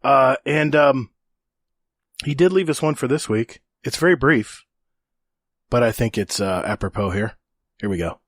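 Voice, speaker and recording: A middle-aged man hosting a casual podcast, low-key and wry. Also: expressive, measured pace, pauses often, fairly bright tone, no echo, studio quality. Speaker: podcast host.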